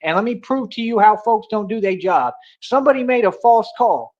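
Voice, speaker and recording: A young man holds forth on a livestream with a high, cocky voice, throwing out street slang and challenges to his listeners. The sound is dull and lo-fi, like a cheap stream mic. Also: expressive, fairly quick, darkish tone. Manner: boastful, confrontational, slangy street talk. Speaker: livestream host. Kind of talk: ranting livestream monologue.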